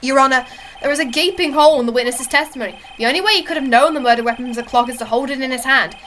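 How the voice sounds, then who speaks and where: A woman's voice: high voice, rapid-fire, a bit bright, slight background noise. A woman voicing an earnest young male defense lawyer who presses his argument.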